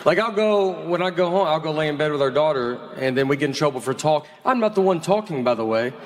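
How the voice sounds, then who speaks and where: A man's voice: fairly high pitch, animated, quick pace. A man doing stand-up comedy with a rambling, self-deprecating delivery. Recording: noisy live recording with crowd.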